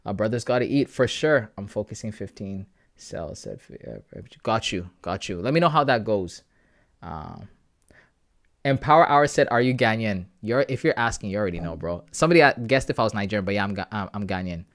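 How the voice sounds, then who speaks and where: A man's voice: on the low side, big pitch swings, fairly quick. A man from Canada chatting casually on a live stream, reading viewer messages aloud and answering them from home into a close, sensitive desk mic.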